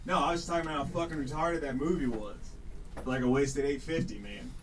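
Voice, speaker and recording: A man's voice: medium pitch, fast, recorded from a distance, slight background noise, low-quality recording. A man doing a stand-up set with a crude, laid-back stoner delivery, performing live in a small comedy studio. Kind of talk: stand-up set with comic song. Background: live audience laughter, music.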